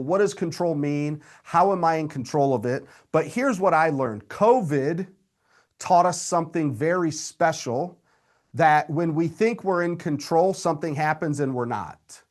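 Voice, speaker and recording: A man, coaching real estate agents in a live webinar, energetic and direct with his audience. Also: on the high side. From Indiana, USA.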